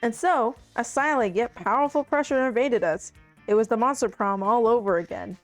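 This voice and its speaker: A woman's voice: fairly high pitch, moderate pace, faint music behind. A woman streamer reading game narration aloud to friends, playful with giggly asides.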